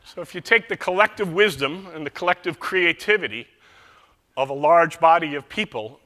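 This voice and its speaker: A man's voice: on the high side, animated, moderate pace, sharp tone. Man giving a keynote in a reverberant hall. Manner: joking, conversational. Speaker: keynote speaker. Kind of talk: conference keynote speech. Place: large conference hall.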